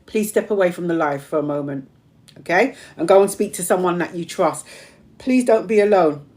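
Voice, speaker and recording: A woman's voice: lowish voice, moderate pace, a little mellow. A woman hosting a motivational live stream, emphatically repeating affirmations to her community, her voice strained and tiring.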